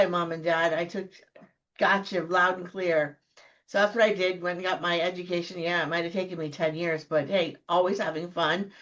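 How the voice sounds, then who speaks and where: A woman from Florida, a guest in casual storytelling chat, animated and acting out the voices of people in her stories. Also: muffled recording. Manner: animated, acts out quoted voices with big pitch jumps.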